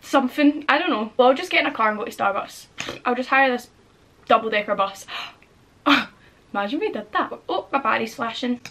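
Her voice sits on the high side, animated, fairly quick and a bit bright as this twenty-one-year-old chats through her vlog. She rambles freely and fills nearly every pause with words like "like."

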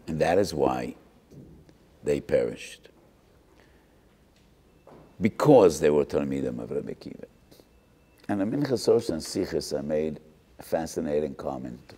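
An older man giving an earnest, measured Torah talk and mixing in Hebrew and terms. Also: extremely low pitch, lively intonation, warm tone, husky.

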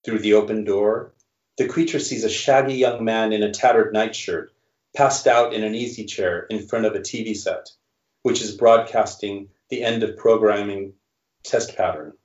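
A male author reading his own fiction aloud in a measured narration, then answering questions. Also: lowish voice, steady tone, a little mellow. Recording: roomy, dull recording.

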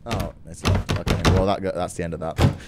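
A young man giving excitable let's play commentary, laughing and swearing. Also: low-pitched, a little fast, very noisy. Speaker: gaming channel host.

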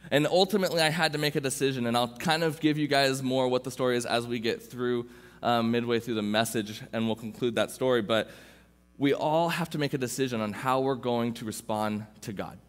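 A man's voice: mid-range voice, brisk. A young adult man preaching as a youth pastor, telling a personal story informally with restarts. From Southern California. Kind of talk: sermon. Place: church sanctuary. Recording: long reverb from a church hall.

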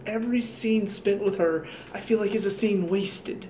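A man with a high, dark-toned voice reviews a TV episode casually at a moderate pace with fairly even intonation. He sounds tired and exasperated, ranting with sarcastic asides. The recording has a roomy echo, faint ambience, and a little hiss or hum.

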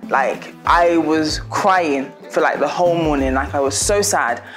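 A young woman vlogger, chatty and laughing as she gives warm, preachy advice in a casual talk to her viewers. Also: sits low, measured pace, soft background music.

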